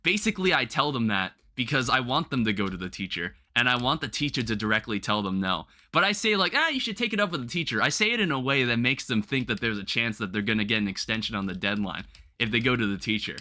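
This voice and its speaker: A young man hosting a livestream, chatting casually while gaming and telling rambling, animated stories with some swearing. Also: mid-range voice, quick pace. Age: young adult. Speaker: livestream host.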